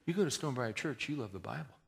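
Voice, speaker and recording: Gravelly man preaching a folksy sermon. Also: mid-range voice, lively intonation, racing. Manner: folksy, conversational preaching with emphatic swells and hushed prayers. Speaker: pastor.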